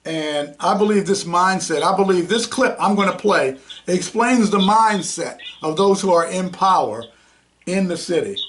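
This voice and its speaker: Brief: male radio host with a high-pitched voice, casual and excitable. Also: moderate pace. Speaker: talk show host.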